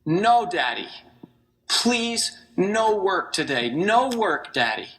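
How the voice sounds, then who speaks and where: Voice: high voice, lively intonation, fast, voice pushed up. A speaker doing a tearful little toddler girl. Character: tearful two-year-old girl pleading.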